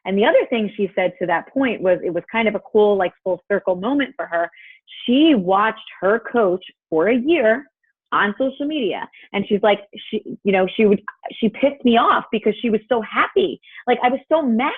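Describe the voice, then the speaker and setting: A woman with a medium-pitched, expressive voice and a breathy edge tells a story at normal speed to her team on a group video call. She speaks through an earbud, so the dry recording has a tinny, phone-like quality, and she is chatty, full of fillers and quoted dialogue.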